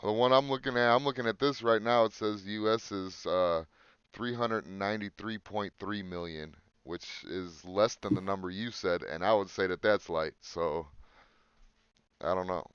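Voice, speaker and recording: A man's voice: sits low, normal speed, fairly bright tone, clear, resonant tone, no echo, highs cut off. A man co-hosting a casual podcast, joking crudely and reading facts aloud off a screen. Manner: crude, joking, swears freely. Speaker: podcast co-host.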